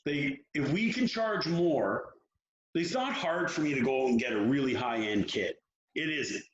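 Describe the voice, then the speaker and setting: A man who coaches young hockey players, talking frankly and telling stories in an animated way during an interview. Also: medium pitch, a little slow, a little hiss or hum. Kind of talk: candid interview talk. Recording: roomy, dull lo-fi sound.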